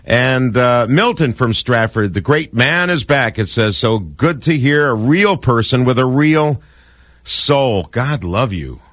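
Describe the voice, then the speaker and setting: A man's voice: mid-range voice, expressive, slow pace, a bit bright, no echo. An older man hosting a radio show, talking in an effusive, sentimental, rambling way from a studio microphone. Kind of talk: warm casual radio talk.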